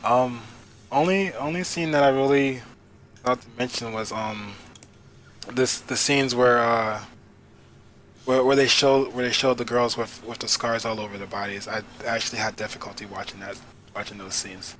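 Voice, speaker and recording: A man on a movie podcast panel, talking casually in a halting way with repeated words. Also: medium pitch, fairly even intonation, a bit bright, a little hiss or hum. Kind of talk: casual chat.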